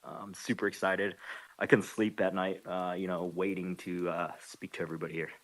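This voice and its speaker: Excited bright-voiced man. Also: sits low, fairly quick. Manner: excited, with fillers. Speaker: guest. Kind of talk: casual chat.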